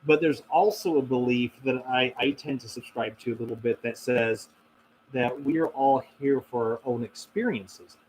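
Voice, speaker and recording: On a low-quality recording with slight background noise, a man hosts a relaxed livestream Q&A. His mid-range, slightly mellow voice moves at normal speed as he answers viewers reflectively, rambling with many fillers and restarts.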